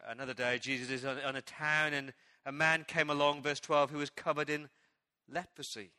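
A pastor tells a Bible story from the pulpit and jumps into the voices of its characters as he goes. His voice sits a little high and rings bright. The sound is close and dry, with almost no room echo. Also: brisk. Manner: animated storytelling, acting out quoted lines. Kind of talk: sermon. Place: church.

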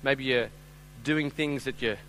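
A man preaching a sermon as pastor, telling a story conversationally with "right?" and "I'm telling you", acting out voices and swinging from loud to hushed. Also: medium pitch, fairly even intonation, a little slow, a little hiss or hum, poor audio.

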